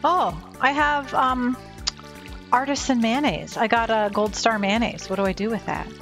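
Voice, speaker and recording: A woman's voice: a little high, moderate pace, faint music behind. A sleepy woman chatting casually while she plays a farming game, yawning now and then and asking questions. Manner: drowsy, yawning, chatty, talks softly to pets. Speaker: streamer playing a farming game. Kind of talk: casual gameplay chat.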